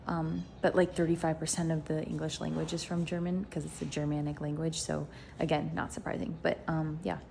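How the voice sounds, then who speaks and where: A woman's voice: deep voice, level tone, a little fast, vocal fry, few pauses, dark tone, a little hiss or hum. A young woman talking casually to her viewers at home in a rambling, upbeat vlog. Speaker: vlogger. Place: indoors at home.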